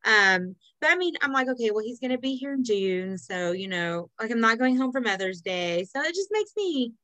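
A woman's voice: a little high, big pitch swings, moderate pace, bright, forceful tone, dry recording, poor audio. A middle-aged woman from Texas chatting casually as a podcast co-host, swearing freely and filling her talk with ums and laughs. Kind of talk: casual chat.

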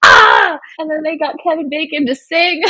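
A woman's voice: high-pitched, fairly even intonation, fairly quick, fairly bright tone, dry recording. A woman co-hosting a podcast, chatting casually and enthusiastically about a film, laughing often. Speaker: podcast co-host. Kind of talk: casual chat recapping a film.

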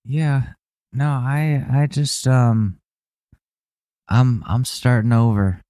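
A man co-hosting a podcast, giving brief, soft-spoken, supportive replies in casual chat. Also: medium pitch, slow, dry recording, clean studio sound. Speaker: podcast co-host.

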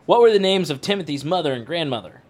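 A man's voice: fairly high pitch, lively intonation, quick pace. A man hosting a casual Bible quiz with friends, laughing at himself as he reads the questions. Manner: laughing, self-deprecating. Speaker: host asking quiz questions.

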